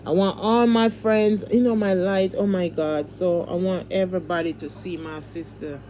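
A woman's voice: lowish voice, fairly even intonation, moderate pace, mellow. A woman hosting a casual livestream, talking in a fervent, repetitive, preacher-like way and pleading with her viewers. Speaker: livestream host.

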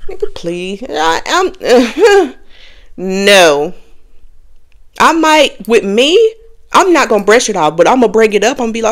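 Speaking slowly in a slightly high, sing-song voice, a young adult woman hosts a podcast. She talks openly and casually to her viewers in a confessional chat, frequently breaking into laughter.

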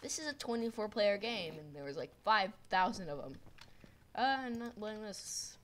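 A teenage girl at home talks through a game into a desktop microphone, rambling with constant fillers and sudden excited outbursts. Her voice sits at an ordinary middle pitch. Clear background noise runs under the recording. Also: normal speed. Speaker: gaming video creator. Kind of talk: casual gameplay commentary.

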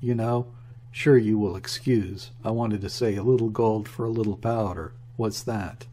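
A man's voice: fairly low pitch, fairly even intonation, moderate pace, mellow, lightly acted. A man voicing a drunk, rambling aging trader who mumbles and slurs.

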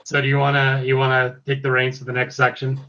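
A man's voice: medium pitch, completely flat delivery, fast, bright, forceful tone. Chatty man on dull lo-fi audio. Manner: chatty, filler-heavy recapping. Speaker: host reviewing a cartoon episode. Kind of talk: casual podcast chat, recapping the plot.

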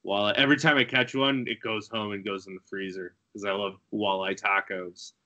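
A man's voice: on the low side, fairly even intonation, brisk, sharp tone, highs cut off. A man from the Buffalo area, a guest angler, chatting casually and laughing through his stories. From Buffalo area, USA. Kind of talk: casual podcast chat.

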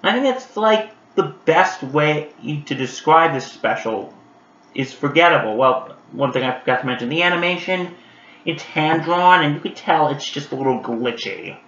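A man on the high side talks at normal speed to his vlog viewers, casually reviewing an old animated holiday special. He's animated and chatty, leaning on lots of fillers. The recording has a roomy, dull, lo-fi sound.

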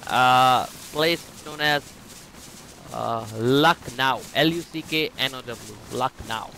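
A man, playing along and calmly giving directions in casual game chat. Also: mid-range voice, slow pace, gravelly. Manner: laid-back, giving directions. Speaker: fellow player. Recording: noisy background.

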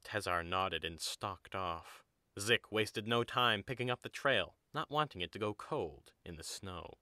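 A man narrating an audio drama in an even storybook manner. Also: lowish voice, a little slow, dry recording, clean studio sound. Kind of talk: scripted narration.

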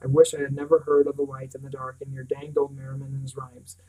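A man voicing a grief-struck boy, lashing out bitterly and demanding to be left alone, in a flat, unvaried storybook reading. The voice sits a little back from the microphone. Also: medium pitch, fast, far from the mic, close to an everyday voice, rough recording. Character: grief-stricken angry young boy.

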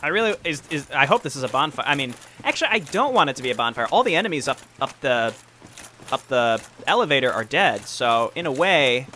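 A man hosting a let's play, chatting wryly as he plays with sudden excited yelps. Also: medium pitch, fast, slight background noise. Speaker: gaming video host.

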